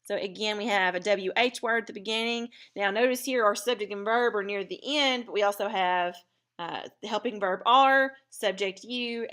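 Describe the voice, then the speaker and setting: A woman teacher talks through a recorded grammar lesson, breaking each point into small steps. Her voice is bright and forward, at an ordinary middle pitch. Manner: step-by-step explaining.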